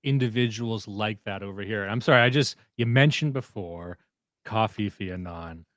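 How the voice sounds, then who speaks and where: A man hosting a podcast in casual chat, crude and profane, excitable, jumping between topics. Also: on the low side, normal speed, no room sound, studio quality. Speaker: podcast host.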